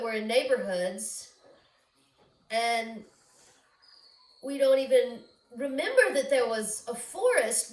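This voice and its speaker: A woman talking in a rambling, emotional personal vlog, at times close to tears. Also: a little high. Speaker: vlogger. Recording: roomy echo, far from the mic, faint background noise.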